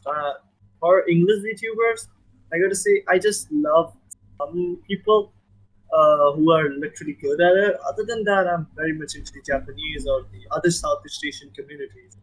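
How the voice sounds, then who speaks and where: A man with an Indian accent, part American, talking in a casual podcast chat, animated and given to repeating words for emphasis. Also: fairly high pitch, moderate pace, breathy edge, rough recording. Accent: Indian, mixed with American.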